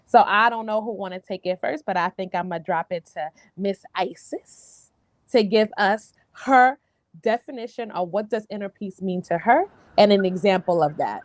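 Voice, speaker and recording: A woman's voice: medium pitch, moderate pace, no echo. A woman hosting a live online panel talk, upbeat and encouraging as she moves between guests. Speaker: host.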